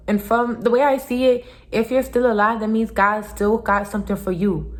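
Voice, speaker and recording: A woman's voice: fairly high pitch, fairly even intonation, brisk. Earnest young woman vlogger. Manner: earnest, repetitive, emphatic with little laughs. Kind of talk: casual motivational talk to camera.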